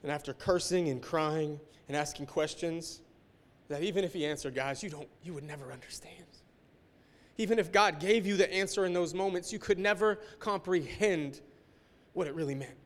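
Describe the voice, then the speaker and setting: A man preaching a sermon as a pastor, emotional, moving between hushed, near-whispered passages and forceful climaxes. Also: fairly high pitch, normal speed, long reverb tail.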